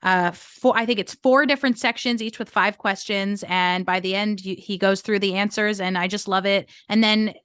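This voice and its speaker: A woman's voice: mid-range voice, fairly even intonation, normal speed, few pauses, a bit bright, clear, resonant tone, no room sound. A woman from the United States, a podcast guest, chatting in an upbeat way. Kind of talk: casual podcast chat.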